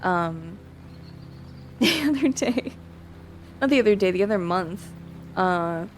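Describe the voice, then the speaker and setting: A woman's voice: medium pitch, animated, slow, slight background noise. A woman with a Midwestern American accent, chatting casually with viewers on a livestream, giggling often and filling her talk with "like" and "um.". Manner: giggly, lots of "like" and "um" fillers. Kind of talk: casual chat answering viewers.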